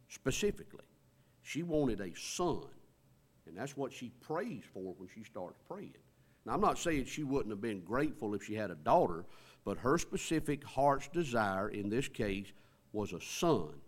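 Male pastor, middle-aged, folksy conversational sermon delivery. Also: mid-range voice. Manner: folksy, conversational preaching with rising emphasis.

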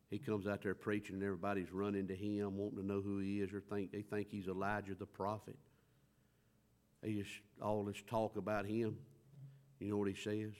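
Man, pastor, earnest emphatic preaching, lowish voice. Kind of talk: sermon.

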